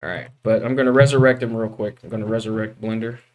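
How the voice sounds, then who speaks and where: A man's voice: on the low side, fairly even intonation, fast. A young man streaming from his computer, chatting casually with his viewers and venting, full of slang like dude and bro. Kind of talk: casual live-stream chat.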